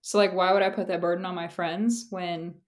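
A young woman co-hosts a podcast in relaxed, casual chat. She talks candidly and rambles, laughing often and leaning on "like" as she goes. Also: on the low side, brisk. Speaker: podcast co-host.

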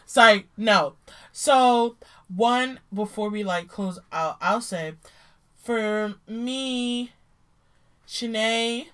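A woman co-hosting a podcast in casual chat, expressive and playful, quick to joke. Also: a little high, clear, resonant tone. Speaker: podcast co-host.

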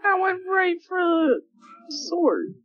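A woman's voice: extremely high pitch, big pitch swings, slow pace, fairly bright tone, no room sound, lo-fi sound. A woman co-hosting a casual movie chat, answering in short, dry remarks. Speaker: podcast co-host.

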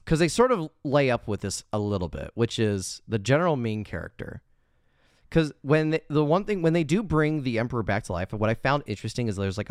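A man chatting casually in a movie review podcast, rambling with lots of filler words and animated bursts. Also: fairly low pitch, no echo, studio quality. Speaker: podcast co-host.

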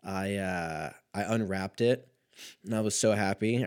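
A young man chatting casually and profanely on his own, rambling, his voice a little rough from a recent cough. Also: on the low side, measured pace. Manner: profane, rambling, laid-back. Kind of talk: casual solo chat.

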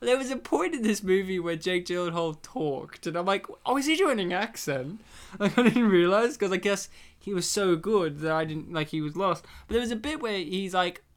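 Man, casual movie commentary co-host, smooth clear voice, wry jokes. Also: high voice, normal speed. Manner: joking, sarcastic, laughs often.

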